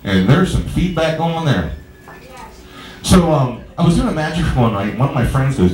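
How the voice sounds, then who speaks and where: A man's voice: fairly high pitch, big pitch swings, normal speed, darkish tone. A man doing a stand-up comedy set in a small bar, telling rambling, stammering stories and bantering with the crowd. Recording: echoey bar room.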